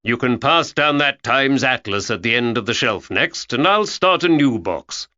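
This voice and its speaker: A man voicing Leo, a calm and steady man who gives firm, commanding instructions. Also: mid-range voice, normal speed, highs cut off, pitched above the performer's own voice.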